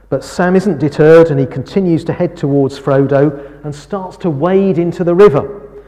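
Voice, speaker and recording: A man preaching a sermon, speaking in a slow, measured way. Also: fairly high pitch. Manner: slow, measured preaching with lively quoted lines. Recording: reverberant hall.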